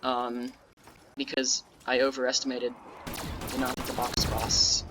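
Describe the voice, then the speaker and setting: A young man giving casual, rambling gameplay commentary that breaks into sudden yelling at the game. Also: medium pitch, monotone, a little slow, long pauses, noisy background. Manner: rambling, offhand, with sudden yelled outbursts at the game. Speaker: gaming YouTuber.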